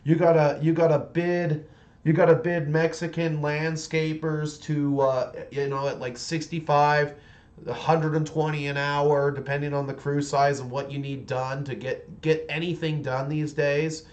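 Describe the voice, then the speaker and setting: A man in his forties talks loosely to his livestream viewers while he paints, and his voice sits somewhat high for a man. His sentences wander and restart often as he rambles from one thought to the next. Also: little pitch movement, measured pace, darkish tone. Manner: rambling and chatty, with many restarts. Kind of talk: casual livestream chat.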